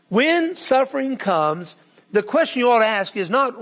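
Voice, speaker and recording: A man delivers a sermon with a folksy, earnest manner. His voice sits notably high. It carries a long, lingering hall reverb. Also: sing-song, normal speed, a bit bright. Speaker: preacher.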